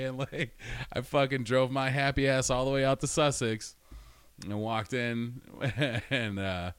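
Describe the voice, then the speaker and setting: A man's voice: mid-range voice, a little slow, a bit bright, clean tone, dry recording. A man telling a story in a casual, profane monologue, ranting and laughing as he goes.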